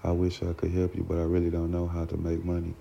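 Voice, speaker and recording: A calm, encouraging schoolteacher father, read aloud by a man in a very deep, flat and gravelly voice. The tone is dark and mellow. A dull, lo-fi recording carries a faint hiss behind him. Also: fast talker. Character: gentle middle-aged schoolteacher father.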